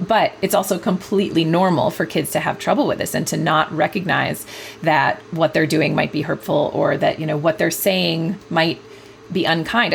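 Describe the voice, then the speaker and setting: A woman's voice: low-pitched, gravelly, a little hiss or hum. A mother and author answering interview questions, thinking aloud with many fillers and restarts. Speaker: guest author, parenting expert.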